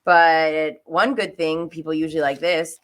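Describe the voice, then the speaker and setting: A woman's voice: sits low, fairly even intonation, a little slow. A woman co-hosting a radio show, chatty and blunt with an exasperated edge. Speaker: radio co-host. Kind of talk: casual radio banter.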